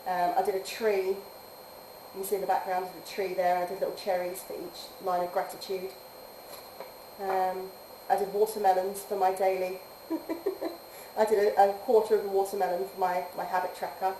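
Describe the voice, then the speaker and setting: A woman who teaches adults chats casually through a game live stream, laughing often. Her talk drifts from soft murmurs to lively bursts. The room sounds roomy and echoing, with faint noise underneath. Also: mid-range voice, moderate pace.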